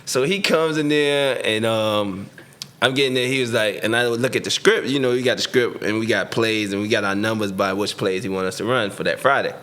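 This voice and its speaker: A middle-aged man, a former pro football receiver appearing as a podcast guest, tells a story casually in an animated, slangy way, acting out the voices of the people in it. His voice is fairly low-pitched and fairly quick.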